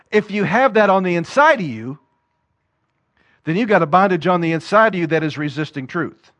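A man's voice: sits high, lively intonation, moderate pace, fairly bright tone. A man preaching a sermon, reading scripture and acting out voices with questions to the congregation.

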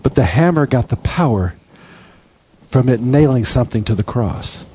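A man preaching a sermon in an animated way, acting out voices and laughing as he goes. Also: mid-range voice, normal speed, a little hiss or hum. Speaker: pastor.

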